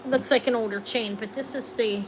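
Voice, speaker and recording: A woman runs a live jewelry sale, talking in a loose, rambling way that keeps breaking off and starting again. Her voice sits a little on the high side, with a faint hum of noise behind it. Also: fairly even intonation, moderate pace. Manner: chatty, rambling, trails off and restarts. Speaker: online jewelry seller.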